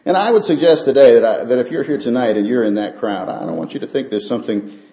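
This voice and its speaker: A man's voice: medium pitch, quick pace, warm tone. A man preaching a sermon as pastor, talking earnestly and building up to emphatic peaks. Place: church sanctuary. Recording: echoey church sanctuary.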